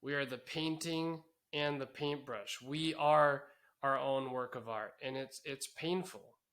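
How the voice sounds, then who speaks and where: A man's voice: medium pitch, unhurried, a bit bright. A man co-hosting a podcast, speaking candidly and reflectively in casual chat, with some swearing. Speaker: podcast co-host.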